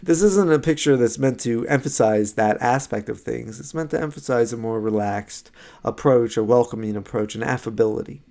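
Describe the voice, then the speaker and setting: A man's voice: mid-range voice, normal speed, creaky, warm tone. A man giving a recorded slideshow lecture on music history, conversational, with many fillers and restarts and frequent "right?" checks.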